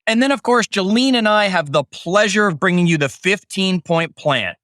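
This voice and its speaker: A man's voice: high voice, expressive, normal speed, fairly bright tone, no echo, clean studio sound. A middle-aged man hosting a podcast, opening the show with a hyped, jokey delivery and then interviewing his guest. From Canada. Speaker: podcast host. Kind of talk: upbeat podcast intro and interview.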